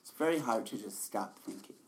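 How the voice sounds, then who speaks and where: A man giving a relaxed, conversational dharma talk as a meditation teacher, often laughing softly. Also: fairly low pitch, fairly quick, creaky, a little hiss or hum.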